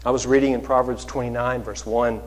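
A man preaching a sermon as pastor, conversational, asking his congregation rhetorical questions and moving between louder and softer passages. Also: mid-range voice, steady tone, fairly quick. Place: church sanctuary. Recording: long reverb of a large hall.

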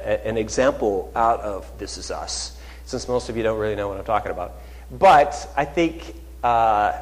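A man preaching to his congregation, mid-pitched and conversational, leaning on rhetorical questions and shifting between loud and hushed passages. His voice carries a long, hanging reverb, as if he stands in a large church sanctuary. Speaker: pastor. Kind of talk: sermon.

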